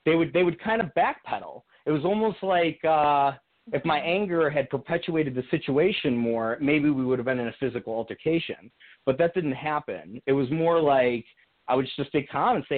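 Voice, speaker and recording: A young man telling a personal story on a call to a radio show, thinking out loud with many restarts. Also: a little high, animated, normal speed. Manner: reflective, earnest, many restarts and fillers. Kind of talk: casual conversational storytelling. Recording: tinny phone-line sound.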